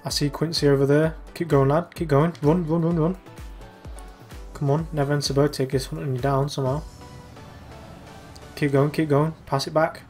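A man's voice: fairly high pitch, flat delivery, moderate pace, pauses often, darkish tone, soft background music. A young man commentating live over a football video game, exasperated and urging his players on. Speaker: gaming YouTuber.

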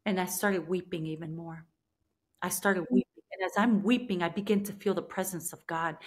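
A woman's voice: mid-range voice, fairly bright tone. Earnest woman sharing a faith testimony. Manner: earnest, emotional, frequent restarts. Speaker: podcast guest.

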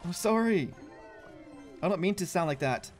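Chatty young man with an animated voice. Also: high-pitched, normal speed, faint music behind. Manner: chatty, self-mocking, laughs often. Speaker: gaming YouTuber. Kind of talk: casual gameplay commentary.

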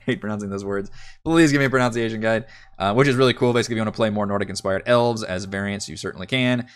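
A man's voice: on the low side, fairly bright tone. A man giving a casual, enthusiastic spoken review of a tabletop game book, chatty and full of fillers.

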